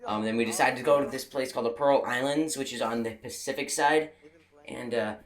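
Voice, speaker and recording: A man's voice: medium pitch, steady tone, brisk. A young man telling a rambling travel story in a casual way, full of restarts and fillers, laughing at his own jokes. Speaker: video creator.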